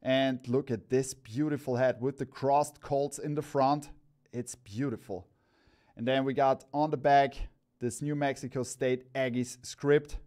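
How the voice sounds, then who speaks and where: A man hosting a live-stream product showcase, talking in an excited, enthusiastic and rambling way as he presents hats one by one. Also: mid-range voice, measured pace. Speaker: cap store host.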